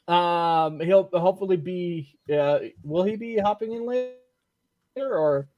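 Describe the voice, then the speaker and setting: A man with a high voice hosts a casual live stream. He reads out chat messages in a loose, joking way, full of fillers and shout-outs. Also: measured pace, lo-fi sound. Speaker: podcast host.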